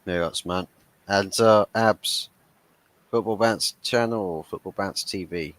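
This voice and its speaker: A man, hosting a casual, relaxed chat. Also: low voice, a little slow. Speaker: host.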